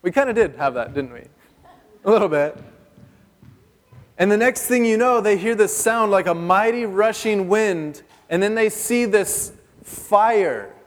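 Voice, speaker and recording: Man, pastor, sermon, casual and joking, quizzes the congregation, high voice, long church-hall reverb. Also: lively intonation, unhurried. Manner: conversational and joking, asks the audience questions.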